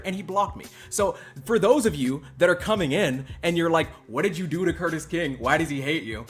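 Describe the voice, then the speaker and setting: Guy streaming, bright voice, goes from yelling to mumbling, music under him. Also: high voice, expressive, fairly quick. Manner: mock-emotional, swinging between loud outbursts and hushed mumbling. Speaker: host. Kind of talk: livestream commentary.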